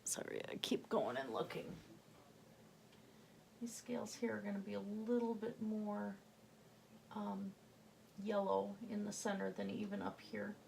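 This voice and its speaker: A woman's voice: mid-range voice, measured pace, creaky, long pauses, a little mellow, slight background noise. A woman with a slight Southern US accent, giving a chatty painting tutorial and thinking aloud as she works, sometimes dropping to a murmur. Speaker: painting instructor.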